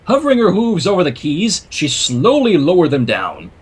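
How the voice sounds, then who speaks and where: A man reading a fan story aloud for a livestream, animated with joking asides. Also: sits high, normal speed, husky. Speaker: story reader.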